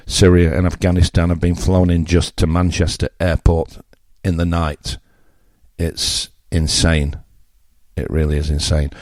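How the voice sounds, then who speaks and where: A low-voiced older Englishman with a Yorkshire accent hosts his radio slot, blunt and mocking as he talks straight to listeners. His tone is dark and mellow, and the recording is close and dry with no room sound. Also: dry recording. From England. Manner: blunt, mocking, conversational with asides. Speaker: radio presenter. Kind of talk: opinionated radio monologue.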